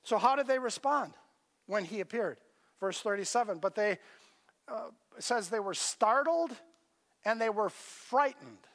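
A man's voice: sits high, animated, a little slow, a bit bright, long reverb tail. A man preaching a conversational sermon as a pastor, acting out the scripture dialogue in varied voices.

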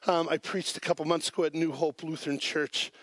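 A man's voice: a little high, little pitch movement, brisk, fairly bright tone, dry recording. A man preaching a sermon at a church service, earnest and emphatic, repeating his key words. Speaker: pastor.

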